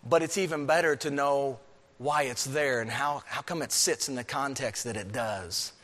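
A man preaching a sermon, swinging between emphatic, raised peaks and low, quiet stretches. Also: normal speed. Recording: long hall reverb.

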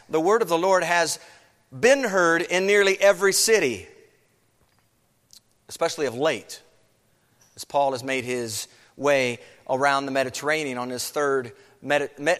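A man's voice: on the high side, a bit bright, long reverb tail. A man preaching a sermon as pastor, earnest, with many rhetorical questions.

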